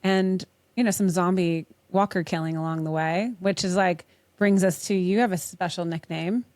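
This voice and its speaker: A woman's voice: fairly low pitch, fairly even intonation, normal speed, darkish tone, no echo. A woman hosting a podcast, chatting casually, swearing freely and laughing often. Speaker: podcast host. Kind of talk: casual interview chat.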